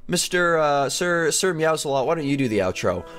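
A young man hosting a gaming video, chatting excitedly to his viewers as he plays. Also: a little high, normal speed. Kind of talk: game commentary.

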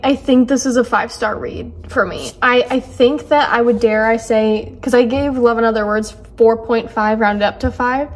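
A young woman chatting in a casual reading vlog, gushing and emotional, with lots of fillers. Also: a little high. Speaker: book vlogger.

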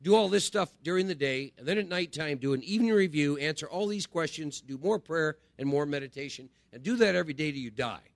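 A man's voice: on the high side, expressive, brisk, creaky, few pauses, dry recording. A middle-aged man gives a conversational spiritual recovery talk to a group, often checking in with "right?". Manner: conversational, repeats phrases and asks "right?". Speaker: recovery speaker.

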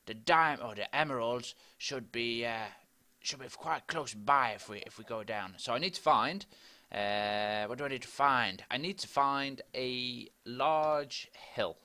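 A young gaming video host chats and rambles to himself while playing Minecraft in a casual let's play. His mid-range voice comes at a measured pace, sounding pushed and bright.

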